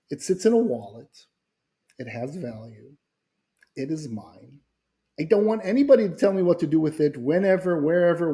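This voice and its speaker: A middle-aged man explaining his ideas in conversation, telling stories with acted-out quotes and frequent restarts. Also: fairly high pitch. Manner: animated storyteller, acts out quoted voices, repeats words when restarting. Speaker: guest speaker.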